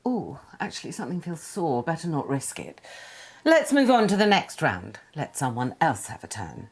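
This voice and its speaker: A grand, fussy singer. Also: female voice, deep voice, sing-song, moderate pace, husky, exaggerated voice. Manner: grand, self-important announcing. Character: theatrical female singer fussing over her voice. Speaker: singer hosting a quiz.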